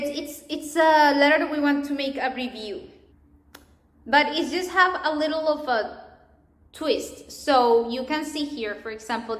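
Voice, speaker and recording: A woman's voice: on the high side, a bit bright. A woman with a Spanish accent, a native Spanish speaker teaching a pronunciation lesson, spelling out letters and example words with care. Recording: echoey room.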